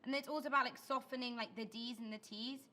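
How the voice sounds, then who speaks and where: Bright-voiced British woman chatting. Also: on the high side, fairly even intonation, quick pace. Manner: chatty, lots of "like". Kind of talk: interview talk.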